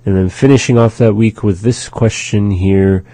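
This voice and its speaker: A man's voice: lowish voice, steady tone, warm tone, no echo. Man, language teacher, radio lesson, careful repetition, dry close sound. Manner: careful, repeats each phrase slowly. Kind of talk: slow instructional language lesson.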